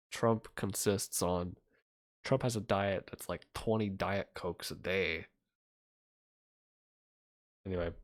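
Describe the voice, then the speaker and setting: A man ranting on a livestream, heated and profane, talking in a rambling way. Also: mid-range voice. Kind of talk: angry livestream rant.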